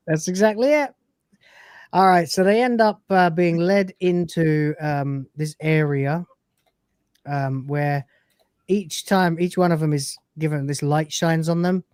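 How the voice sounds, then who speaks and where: A man's voice: a little high, measured pace, a little mellow, smooth, no echo, clean studio sound. Rambling man recapping an episode. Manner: rambling, with many fillers and restarts; swears casually. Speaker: host. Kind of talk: casual episode recap, acting out quotes.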